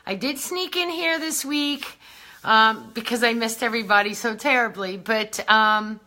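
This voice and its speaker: A woman's voice: on the high side, measured pace, pushed and bright. A woman hosting a casual beauty livestream, chatting and greeting viewers by name, a little out of breath. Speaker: beauty brand host.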